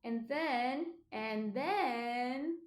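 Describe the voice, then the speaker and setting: Speaking very slowly in a slightly high voice, a baking streamer from New Jersey, with the accent to match, talks casually to her live audience from her home kitchen area. She often drifts off with ums, and the room echoes.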